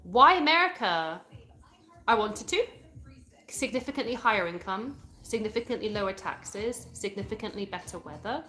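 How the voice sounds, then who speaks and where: A woman's voice: medium pitch, animated, normal speed, sharp tone. A British woman from England in her thirties, chatting casually on a home live stream and answering viewer comments. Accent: British English. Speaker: livestream host. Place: indoors at home.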